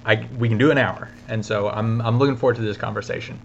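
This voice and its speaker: A man's voice: lowish voice, fairly even intonation, fast, creaky, muffled recording, slight background noise. A man co-hosting a casual gaming podcast, answering in short agreeable replies with some stammering. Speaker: podcast co-host.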